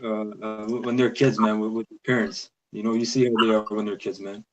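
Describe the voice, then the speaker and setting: A man's voice: fairly low pitch, flat delivery, brisk. Slangy man in a noisy recording. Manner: slangy, reads scripture aloud. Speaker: discussion participant. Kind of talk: casual religious discussion.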